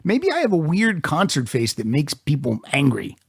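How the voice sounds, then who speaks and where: A man hosting a podcast, telling a story in a lively, laughing way. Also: on the high side, moderate pace, creaky, breathy edge, no room sound, studio quality. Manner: animated storyteller, laughs often. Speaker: podcast host. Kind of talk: casual podcast chat.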